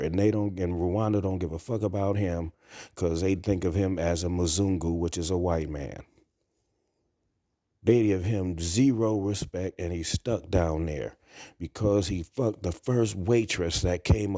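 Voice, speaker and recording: A man's voice: low voice, unhurried, mellow, no echo, clean studio sound. A man talking to camera in a blunt, crude, rambling monologue. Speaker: vlogger. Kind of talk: casual monologue.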